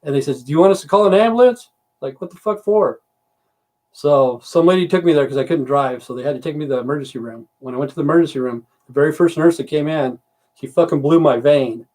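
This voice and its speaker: Quick-paced, with fairly high pitch and a darkish tone, this US man in his fifties or sixties hosts a casual home livestream rant. He talks bluntly to viewers over a computer mic, cursing freely and rambling.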